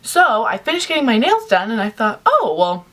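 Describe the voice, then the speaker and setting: A young woman telling a story to camera in a chatty, animated way, full of "like" fillers. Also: on the high side, moderate pace. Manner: chatty, animated, heavy use of "like". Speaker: vlogger.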